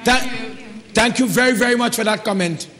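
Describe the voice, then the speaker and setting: A man's voice: very high voice, moderate pace, fairly bright tone, slight background noise. A man with a Trinidadian accent hosting a live call-in talk show, encouraging and repeating himself. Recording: reverberant studio sound.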